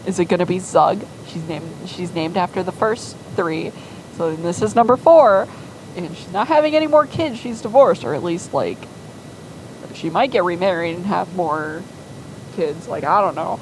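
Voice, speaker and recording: A woman's voice: on the low side, lively intonation, normal speed, background noise. A woman casually and enthusiastically rambling through her fan-made story timeline with lots of fillers.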